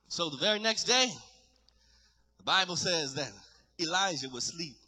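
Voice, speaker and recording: A man preaching a sermon, retelling a story dramatically and building to shouted climaxes. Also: a little high, lively intonation, moderate pace, long pauses, slightly rough.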